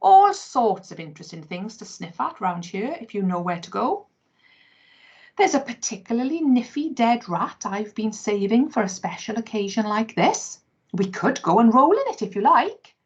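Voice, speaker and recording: A woman's voice: on the high side, very animated, moderate pace, slightly rough, heavily acted. A woman voicing a chatty, friendly male dog who talks heartily and takes offence easily in a storybook reading. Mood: hearty. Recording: dull lo-fi recording.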